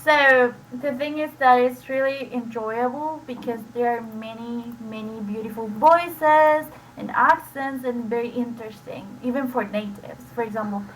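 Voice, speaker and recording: Woman, native Spanish speaker, Spanish accent, slightly high voice; casual, rambling host on a voice-chat mic. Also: a little slow, few pauses, a little hiss or hum, poor audio. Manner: rambling, with many "like" fillers and restarts. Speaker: reading session host. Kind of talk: casual screen-share explanation.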